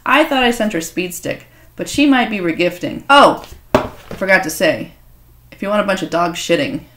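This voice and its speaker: A woman's voice: on the low side, expressive, moderate pace, noisy background. A woman host swearing and joking crudely in a casual unboxing vlog. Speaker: author and video host. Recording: echoey room.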